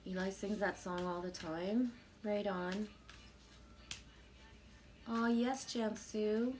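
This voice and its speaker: A woman on a live stream at home, reading viewer comments aloud and answering them in a relaxed, rambling way with frequent fillers and soft laughs. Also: mid-range voice, slow pace, faint music behind. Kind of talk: casual live-stream chat.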